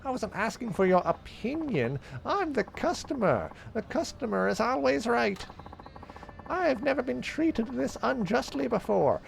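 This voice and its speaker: A shrill, entitled woman passenger barks complaints in a video game, as a man puts her on in falsetto. Her creaky voice leaps high and swoops low as she lords it over the driver. A faint hiss sits under it. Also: big pitch swings, a little slow, full character voice. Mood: indignant. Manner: haughty, shrill complaints swinging up and down. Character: entitled demanding female taxi passenger.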